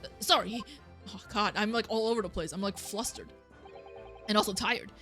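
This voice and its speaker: A woman's voice: medium pitch, moderate pace, fairly bright tone. A young woman streamer giving casual, scatterbrained commentary while playing a game and reading lines aloud. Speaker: let's play streamer. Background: game music.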